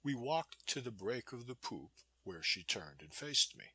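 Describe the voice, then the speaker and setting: A man reading a classic novel aloud as a volunteer audiobook narrator, in a measured, expressive manner. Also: medium pitch, husky. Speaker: audiobook reader.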